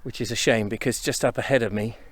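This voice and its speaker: A man from England chatting to his camera on a cold walk along misty country footpaths outdoors. He is a little out of breath from walking and rambles easily from thought to thought in a mid-pitched voice. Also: fairly even intonation, fast, dry recording. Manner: chatty, rambling, thinks aloud while walking. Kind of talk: casual walking commentary to camera. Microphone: camera on a tripod, set up and carried along.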